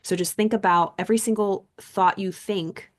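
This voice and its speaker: A woman coach reading aloud from a self-help book and talking it through with personal stories in a casual, animated way. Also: mid-range voice, normal speed.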